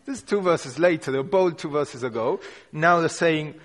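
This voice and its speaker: A man's voice: on the high side, normal speed, hardly any pauses, a bit bright. A man giving an informal sermon, talking through a passage in a conversational, unpolished way, often restarting phrases. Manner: conversational and unpolished, with frequent restarts and hedging words. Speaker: preacher. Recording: long hall reverb.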